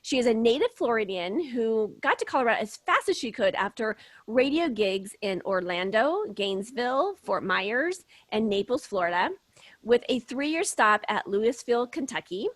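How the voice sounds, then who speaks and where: A woman's voice: on the high side, very animated, moderate pace, dry recording. A woman from Kansas hosting an interview podcast, gushing and enthusiastic, laughing often. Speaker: podcast host. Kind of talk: upbeat interview.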